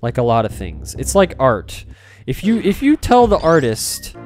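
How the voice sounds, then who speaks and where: A man's voice: mid-range voice, wildly swooping pitch, a little slow, few pauses. A man streaming a retro game, chatting casually, reading out chat messages and spinning silly made-up stories. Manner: rambling, joking, tells tall tales, reads chat aloud. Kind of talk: casual livestream chat while playing. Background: game music.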